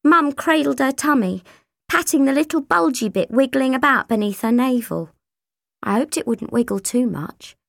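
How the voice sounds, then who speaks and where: A woman narrates an audiobook in a slightly high voice. She reads expressively and shifts her voice for each character, close to a dry studio mic. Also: lively intonation, normal speed, vocal fry, no room sound.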